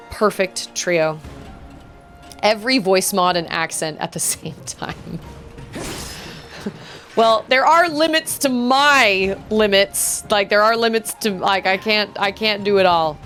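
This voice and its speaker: Slow-talking woman streamer. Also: fairly low pitch, fairly bright tone. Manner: chatty, reacting aloud to gameplay. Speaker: gaming streamer. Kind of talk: casual live-stream chat while playing.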